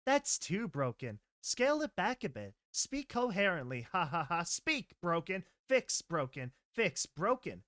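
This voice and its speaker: A man voicing Gentle, an unhinged pegasus mare. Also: sits high, big pitch swings, a little slow, hardly any pauses, no room sound, clean studio sound, exaggerated voice. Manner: singsong, giggling, fixated repetition.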